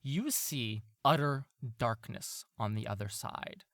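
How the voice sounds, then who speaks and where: A man's voice: medium pitch, lively intonation, takes it slowly, creaky, a bit bright, no room sound, studio quality. A man narrating as game master of a tabletop game, describing scenes and laughing often.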